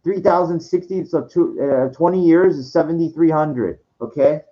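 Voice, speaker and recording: A man in his forties, fairly high in pitch and speaking at normal speed, delivers a rambling rant about his own life. Stammered restarts, frequent swearing and exasperated outbursts run throughout. The audio is dull and lo-fi.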